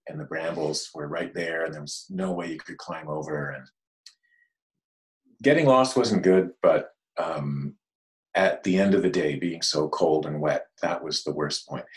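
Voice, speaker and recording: A man recalling a long walk, halting and thoughtful. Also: sits low, low-quality recording. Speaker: guest. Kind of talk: casual recollection.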